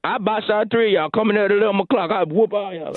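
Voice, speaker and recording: A man's voice: high-pitched, quick pace, no echo, close to an everyday voice. A man playing a boastful, streetwise caller who trash-talks the hosts, with constant "boy" and "Shawty". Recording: tinny phone line.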